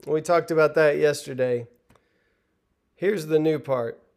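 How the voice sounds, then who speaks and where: A man's voice: a little high, a little slow, a little mellow. A middle-aged man preaching a sermon in an earnest, conversational way, retelling the text and stumbling over restarts now and then.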